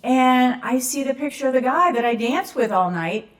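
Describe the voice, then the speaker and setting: A woman's voice: sits high, animated, moderate pace. A woman, a podcast guest telling a story in casual conversation, acting out the voices in the dialogue.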